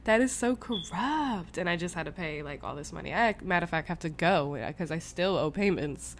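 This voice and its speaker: A young woman hosting a podcast, telling a personal story in a casual, animated way, slangy and swearing freely. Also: on the low side, brisk, a little hiss or hum. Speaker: podcast host.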